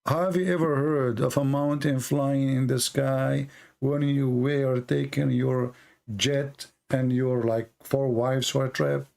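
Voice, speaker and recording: Blunt, sarcastic man with a gravelly voice. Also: mid-range voice, flat delivery, takes it slowly, a little mellow. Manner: blunt, sarcastic, presses the caller with repeated questions. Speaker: debate host. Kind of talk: live call-in debate.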